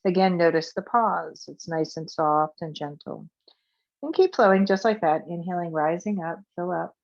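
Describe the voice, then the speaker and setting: A woman yoga instructor leading a guided breathing and movement practice in a soft, calm way, her voice trailing off quietly on the exhales. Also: on the low side, normal speed, gravelly, muffled recording.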